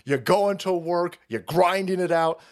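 A man hosting a live stream, delivering a crude, heated rant that swings into loud outbursts and laughter. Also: high-pitched, unhurried. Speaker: show host.

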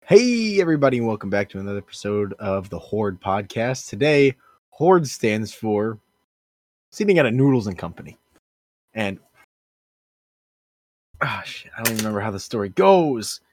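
Young man, podcast co-host, animated rambling storyteller, lively pitch, dry close sound. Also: moderate pace, pauses often, no echo. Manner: animated storyteller, shouts character lines. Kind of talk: casual chat, rambling absurd story.

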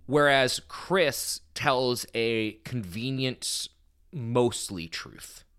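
A man co-hosting a casual recap podcast, talking in an animated way and acting out quotes. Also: medium pitch, extremely slow, clear, resonant tone. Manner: animated, acts out quotes in a shifting voice. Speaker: podcast co-host.

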